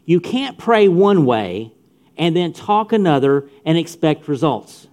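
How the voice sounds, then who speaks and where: A middle-aged pastor delivers a sermon to young people, speaking directly to them, emphatic and repeating phrases. His voice is on the high side, sing-song and slightly mellow, and he takes his time.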